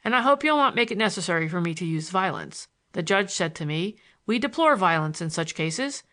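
A woman's voice: lowish voice, expressive, fairly quick, pushed and bright. A woman doing a folksy, dutiful sheriff. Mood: firm. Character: plain-spoken rural sheriff, middle-aged man.

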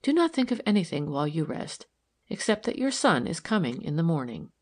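A woman reading the part of a calm, gentle woman who asks steady, careful questions, in an audiobook. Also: sits low, brisk, exaggerated voice. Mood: reassuring.

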